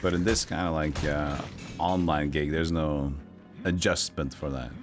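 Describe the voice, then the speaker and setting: A man's voice: extremely low pitch, fairly even intonation, unhurried. A young man chatting casually while streaming a video game and reading chat aloud. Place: home streaming setup. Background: game music.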